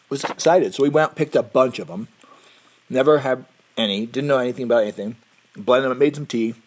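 A middle-aged man recounts a personal story in a loose, conversational way. His voice has a husky, slightly breathy edge. He restarts and corrects himself often. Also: medium pitch, darkish tone. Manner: rambling, self-correcting, with laughs and restarts.

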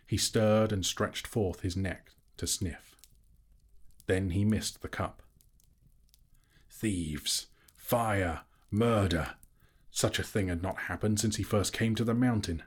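A man narrating a fantasy story aloud in a slow, measured, dramatic reading. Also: low-pitched, darkish tone, slightly rough. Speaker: audiobook narrator.

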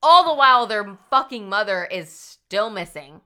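A woman's voice: mid-range voice, expressive, normal speed, sharp tone. Profane, indignant female storyteller. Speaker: podcast host telling a true-crime story. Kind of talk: casual chat.

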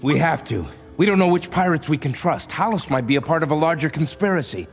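A stern commander giving orders. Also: male voice, on the high side, lively intonation, fast talker, gravelly. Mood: firm. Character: stern male commander leading a search. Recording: long reverb with music behind.

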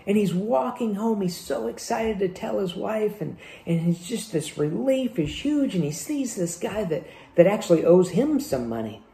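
A man's voice: high-pitched, expressive, normal speed, vocal fry, few pauses, dark tone. A male pastor preaching a sermon in a conversational way, with rhetorical questions, in a church hall. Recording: echoey room.

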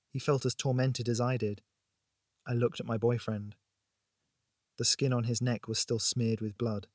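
A man reading a tense story aloud with steady, expressive delivery at a mid pitch. The recording is dry and close, with no room echo at all. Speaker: narrator. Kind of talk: audiobook narration.

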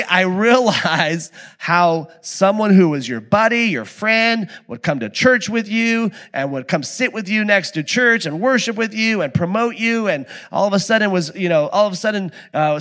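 A middle-aged man preaching a conversational sermon, moving between quiet reflection and loud, animated storytelling. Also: high voice. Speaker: pastor.

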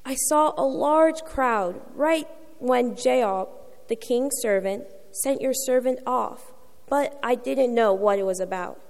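A woman's voice: fairly high pitch, takes it slowly, vocal fry, darkish tone, big-room sound. A woman reading the lines of a young male messenger who reports to his king with deference. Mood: reverent. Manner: deferential, reverent.

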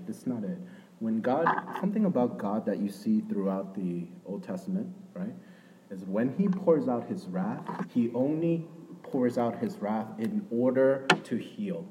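A young man preaching a sermon in a conversational way, rising to loud emphasis and dropping to hushed asides, with a habit of asking "right?". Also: mid-range voice, animated, measured pace, background noise. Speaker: pastor.

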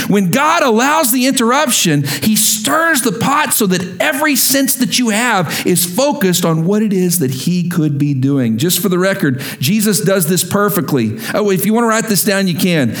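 A man preaching a sermon to his congregation, telling stories with lively acted-out quotes. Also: high voice, moderate pace. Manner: animated storytelling with acted-out quotes. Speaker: pastor.

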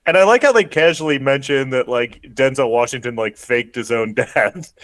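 This podcast co-host is a man with a medium-pitched, slightly bright voice, speaking at normal speed in a dry recording. He casually recaps a movie plot, rambling with lots of fillers and little laughs.

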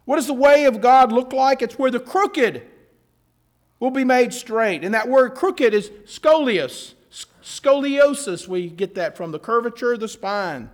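A man's voice: very high-pitched, expressive, unhurried. A male pastor preaching a sermon, earnest, stretching key words for emphasis, repeating phrases, and dropping in casual asides. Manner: informal asides with a self-correcting laugh.

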